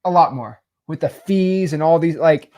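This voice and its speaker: A man casually teaching real estate wholesaling while sketching, animated and salesy. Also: fairly high pitch, moderate pace. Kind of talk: casual whiteboard explainer.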